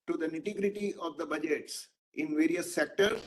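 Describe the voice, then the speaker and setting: A man's voice: a little high, moderate pace, a little hiss or hum. A man with an Indian English accent chairing a webinar over a video call, speaking hesitantly with many fillers. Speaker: session chair.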